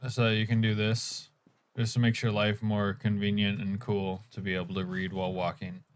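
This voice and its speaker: A man's voice: lowish voice, completely flat delivery, moderate pace. A man streaming a game, reading chat aloud and chuckling while he eats. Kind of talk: casual live-stream chat.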